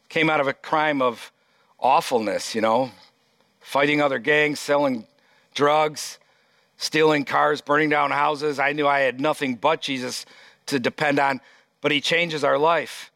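Man, pastor, emphatic sermon, scripture reading, bright tone, dry close sound. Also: mid-range voice, dry recording.

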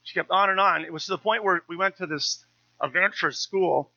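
A man's voice: sits high, fairly quick, bright, forceful tone, no echo, dull audio. A man in his fifties, a pastor preaching a sermon in a conversational, story-telling way with touches of humour.

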